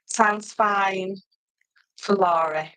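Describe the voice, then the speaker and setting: A middle-aged woman, chatting loudly and laughing often as she presents paper crafts on a live stream. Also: mid-range voice, fairly even intonation, drawn-out words, no room sound, poor audio. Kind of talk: casual live stream chat.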